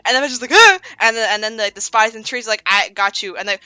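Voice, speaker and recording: A woman streamer rambles through a story with lots of restarts, jumping into the characters' lines as she goes. Her voice is bright and smooth and a little high. It sits close and dry on her desk mic, with faint pop music playing underneath. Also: steady tone, racing, no echo.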